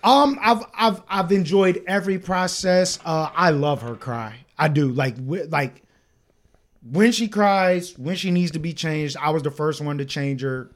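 A young man co-hosting a podcast, telling a story in a lively way, acting out quotes and swearing a lot. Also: on the high side, measured pace. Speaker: podcast co-host. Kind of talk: casual chat.

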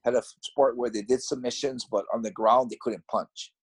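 A man casually recounting how he started fighting, in a reflective, halting, conversational way. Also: mid-range voice, fairly even intonation, slightly rough. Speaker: former fighter recounting his career. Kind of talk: casual storytelling.

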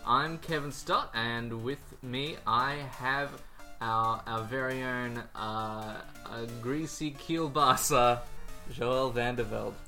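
Man, podcast host, bright tone, jokey, casual banter. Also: medium pitch, fairly even intonation, slow, soft background music. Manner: jokey, playful introductions. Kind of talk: casual chat.

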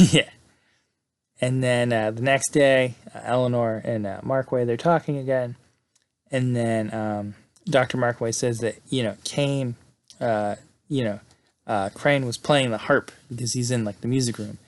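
A man's voice: mid-range voice, fairly even intonation, a little slow. A man casually retelling a film's plot in a loose, rambling way, leaning on fillers like "you know" and "like". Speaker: film recap host.

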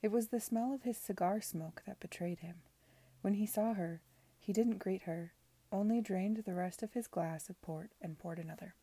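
A woman reading a novel aloud in a soft, near-whispered way. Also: medium pitch, normal speed, breathy edge, no echo. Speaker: reader.

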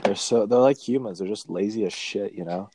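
A man's voice: lowish voice, brisk, background noise. A young man chatting casually as a podcast co-host, rambling and swearing constantly. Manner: crude, profane, rambling. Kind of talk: casual chat.

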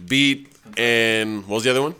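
A man hosting a casual group podcast, brash and dismissive, quick to shut others down. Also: medium pitch, fairly even intonation, background noise. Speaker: podcast host.

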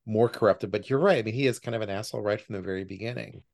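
A man co-hosting a podcast, giving a thoughtful, measured critique in casual film talk. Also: lowish voice, vocal fry, darkish tone. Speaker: podcast co-host.

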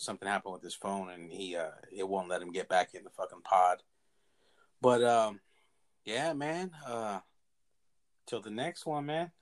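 A laid-back man hosting a podcast, talking in a quiet, easygoing voice that sits low. His speech is casual and profane, with plenty of fillers like "man". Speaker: podcast host. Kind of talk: casual chat.

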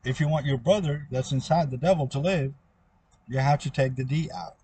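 A man's voice: mid-range voice, brisk, dark tone, breathy edge. A man talking in a rambling, repetitive monologue that often trails off.

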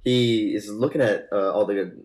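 A man's voice: on the low side, normal speed, darkish tone, low-quality recording. A young man co-hosting a podcast, casually telling a long rambling joke and laughing along with it. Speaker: podcast co-host.

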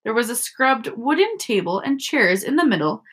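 A woman teacher reading a novel aloud to children, expressive and storytelling. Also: fairly high pitch, moderate pace, slightly rough. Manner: expressive storytelling with character voices.

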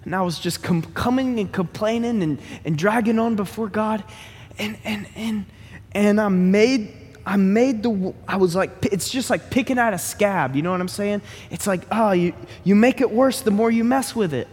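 A man preaching a sermon as pastor, in an animated, joking, conversational way. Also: high-pitched, moderate pace, slightly rough, in a large hall.

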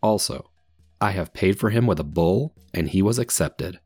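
A calm, protective panther speaks softly and gently, as a man puts him on. The voice stays low and soft, close to the mic with no room sound. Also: a little slow, no room sound, soft background music. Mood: gentle.

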